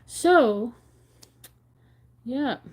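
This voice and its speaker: A woman hosts a relaxed craft livestream and talks in a slow, unhurried way. She rambles candidly between thoughts and reads comments from her viewers aloud. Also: on the high side. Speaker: crochet livestream host. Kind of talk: casual chat with viewers.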